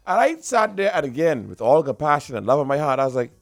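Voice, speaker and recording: A man co-hosting a casual talk show, animated, his voice jumping high when he makes a point. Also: fast, dry recording, faint music behind. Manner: animated, pitch jumps high when emphatic. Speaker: podcast co-host. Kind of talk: casual chat.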